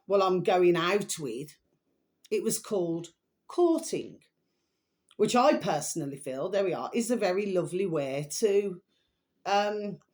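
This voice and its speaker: A woman's voice: medium pitch, darkish tone. Middle-aged woman, vlog host, rambling, emphatic opinion chat. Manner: rambling, chatty, repeats pet phrases, emphatic. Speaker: vlogger host. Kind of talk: casual opinion monologue to camera.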